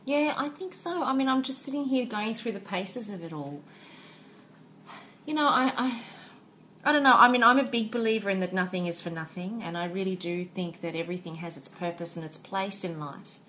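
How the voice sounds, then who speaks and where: A woman's voice: mid-range voice, normal speed, sharp tone, a little hiss or hum. A woman co-hosting a podcast, speaking earnestly and philosophically in casual chat, repeating herself for emphasis. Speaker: podcast co-host.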